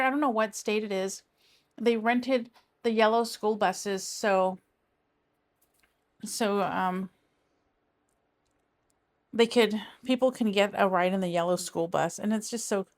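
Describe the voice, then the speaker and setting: A middle-aged woman, chatting casually and rambling as she works on a craft project. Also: medium pitch. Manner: rambling, chatty, trails off and restarts. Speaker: crafting vlogger. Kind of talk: casual chat while diamond painting.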